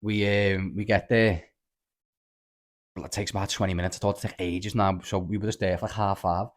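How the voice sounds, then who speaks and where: A young man with a Liverpool accent hosting a podcast, telling stories in animated, casual chat full of swearing and "lad". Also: sits low, brisk. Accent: Liverpool (Scouse). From Liverpool, England. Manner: animated storyteller, swears freely, lots of "lad" and "like". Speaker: podcast host.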